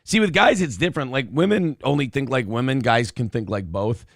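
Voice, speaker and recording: A man's voice: mid-range voice, brisk, creaky, no echo, studio quality. A man co-hosting a casual morning show, telling stories with crude, swearing banter. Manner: animated, crude, lots of swearing. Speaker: podcast co-host.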